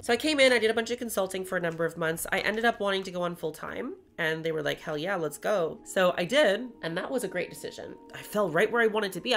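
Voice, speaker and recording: A bright-toned, medium-pitched woman in her twenties, a YouTuber and streamer, chats candidly to camera while doing her makeup. It's a casual vlog full of playful asides.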